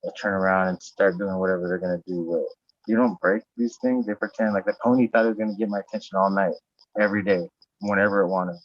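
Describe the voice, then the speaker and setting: A man's voice: deep voice, steady tone, quick pace, dry recording. A man in casual podcast chat, profane and rambling, raising his voice when he acts out what he said. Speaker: podcast host. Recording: dull lo-fi sound.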